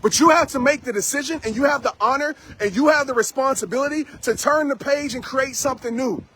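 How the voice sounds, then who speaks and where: A man's voice: very high voice, fast, pushed and bright, breathy edge, poor audio. A man giving an intense, emphatic motivational talk to a live chat outdoors, repeating his key lines like a preacher. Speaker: motivational speaker. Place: outdoors after a trail run.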